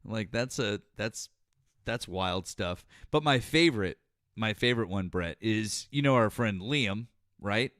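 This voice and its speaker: A man's voice: on the low side, lively intonation, unhurried, fairly bright tone, no room sound, clean studio sound. A man hosting a casual political chat show, telling stories in a rambling way with many restarts. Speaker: podcast host.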